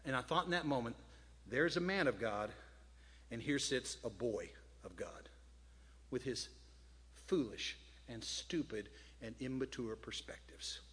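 A male preacher delivers a sermon, his voice bright and sharp. He tells stories dramatically, dropping to hushed tones between stretches of plain talk. A long hall reverb trails his words. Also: medium pitch, expressive, a little slow, long pauses, breathy edge.

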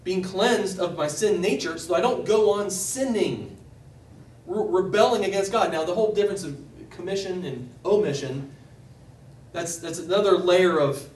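A man leading a group Bible study, speaking loosely and conversationally, with a voice that rises as he gets excited. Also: a little high, slight background noise. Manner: enthusiastic, voice rises when excited; loose and conversational, with restarts and asides.

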